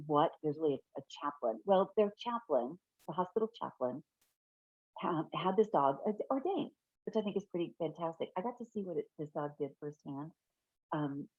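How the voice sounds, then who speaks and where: A woman's voice: sits low, a little mellow, dry recording. Middle-aged lady trainer on a video call, laughs a lot, restarts sentences, kinda lo-fi dull audio. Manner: chatty, laughs often, self-correcting. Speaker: fair housing trainer. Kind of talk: online training webinar. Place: home office.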